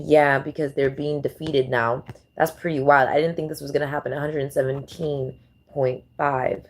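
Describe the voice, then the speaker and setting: A woman hosting a casual vlog, rambling and thinking out loud as she fumbles through numbers. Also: low voice. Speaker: channel host.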